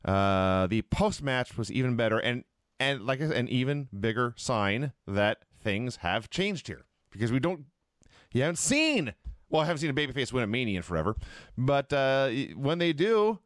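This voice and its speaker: A man's voice: medium pitch, no room sound. Podcast guy talking wrestling, voice swoops all over, wry and kinda theatrical, dry mic. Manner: wry, playfully grand wording. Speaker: podcast co-host. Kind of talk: casual wrestling recap chat.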